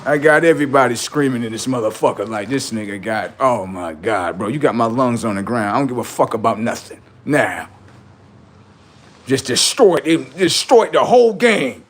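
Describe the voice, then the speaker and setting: A man's voice: mid-range voice, animated, normal speed. A man hosting a livestream, delivering a boastful, heavily profane rant that taunts the people he is mocking. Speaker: livestream host.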